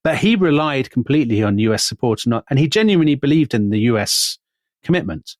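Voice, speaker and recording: A man co-hosting a podcast, telling history in a lively conversational way and dropping his voice to quote people. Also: fast, dry recording, clean studio sound. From Britain. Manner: animated, quotes figures in lowered voice. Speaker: podcast co-host.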